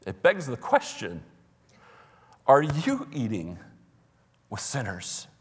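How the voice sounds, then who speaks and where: A man's voice: medium pitch, huge pitch swings, slow pace, slightly rough. Male pastor preaching in a reverberant church. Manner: emphatic and conversational, with humorous asides. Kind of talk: sermon.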